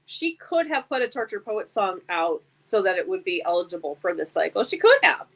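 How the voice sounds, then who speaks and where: A woman co-hosting a casual livestream chat, agreeable and quick to chime in with backing remarks. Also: lowish voice, very animated. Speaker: podcast co-host.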